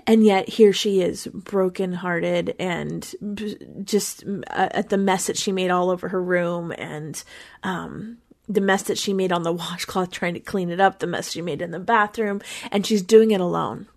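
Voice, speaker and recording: A woman's voice: fairly low pitch, fairly even intonation, unhurried, vocal fry. A woman hosting a Christian talk, giving an earnest, conversational reflection on a psalm, with small repeats as she thinks aloud. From Pennsylvania, USA. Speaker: Christian podcast host. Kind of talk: devotional Bible reflection.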